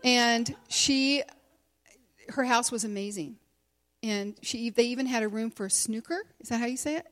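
A woman's voice: a little high, normal speed, fairly bright tone. A middle-aged woman speaking candidly to a women's gathering, sharing a personal testimony in a conversational way with many fillers. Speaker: conference speaker and teacher.

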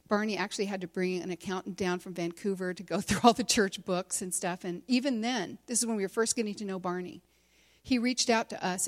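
Candid middle-aged woman giving a testimony. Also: mid-range voice. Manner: candid and conversational, with many fillers. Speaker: conference speaker and teacher. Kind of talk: personal testimony talk.

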